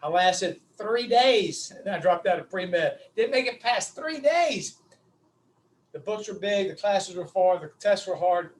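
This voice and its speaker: A middle-aged man with a Southern US accent giving a folksy, animated webinar lecture, calling his audience his friends. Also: high-pitched, a little slow, recorded from a distance, low-quality recording. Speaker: webinar speaker on vocal delivery.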